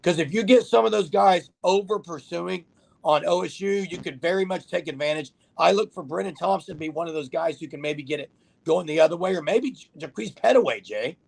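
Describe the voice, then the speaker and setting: A man's voice: a little high, a little fast, creaky, breathy edge. A man hosting a casual sports livestream, chatting and joking with callers and reading out viewer comments. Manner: chatty, jokey, talks straight to viewers. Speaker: host of a sports livestream show.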